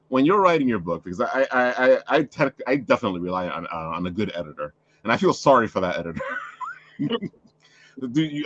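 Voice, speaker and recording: A man's voice: medium pitch, a bit bright, highs cut off. A man hosting a casual chat, rambling with many restarts and frequent laughter. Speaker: podcast host.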